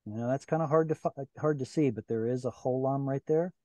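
A man's voice: mid-range voice, fairly quick, warm tone, no room sound. A man teaching a Bible Hebrew class online, explaining grammar patiently and step by step with questions to his students. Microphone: video call.

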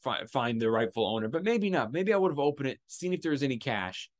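A man's voice: medium pitch, fast talker, no echo. Casual storytelling man, dry close sound. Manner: animated, profane storytelling with acted-out quotes. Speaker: podcast host.

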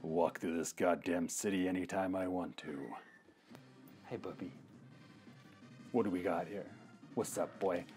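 A man with a very low voice talks slowly and loosely while he plays a retro video game, trash-talking the enemies and cursing at his mistakes. Faint game music plays under him. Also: fairly even intonation, a little mellow. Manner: trash-talking, swearing, jokey outbursts at the game. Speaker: podcast co-host playing a video game. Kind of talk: casual let's-play commentary.

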